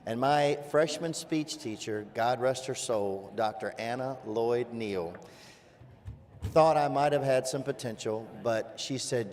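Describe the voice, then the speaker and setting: A folksy man from Virginia speaks with a softened Southern accent, warming to his stories with animated asides. His voice sits at an ordinary middle pitch for a man. He sounds like a host in a relaxed panel chat. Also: a little slow. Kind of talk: casual panel discussion.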